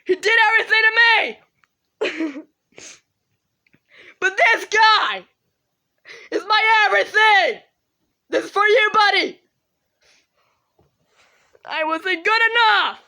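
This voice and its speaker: Teen girl vlogger, very high and slow, tearful apologetic ramble. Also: animated, pushed and bright. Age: teens. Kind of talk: emotional monologue to camera.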